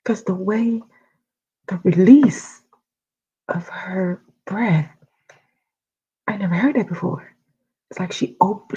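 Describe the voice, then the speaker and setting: A middle-aged woman telling a personal story as an interview guest, halting and emotional, often dropping to a whisper. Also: mid-range voice, warm tone, husky, dull audio. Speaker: guest sharing a family loss.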